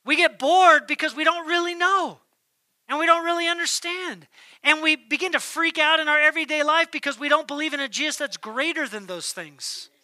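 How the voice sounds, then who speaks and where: A male pastor delivers a sermon in a high, strikingly bright voice, recorded close and dry. He drives his points with emphasis, then drops almost to a whisper. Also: brisk, no echo. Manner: emphatic, swings between loud declarations and hushed near-whispers. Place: church.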